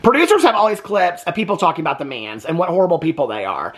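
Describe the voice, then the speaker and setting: A man hosting a reaction video, recapping a documentary in casual, exasperated commentary with quick asides. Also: a little high, sing-song, a bit bright.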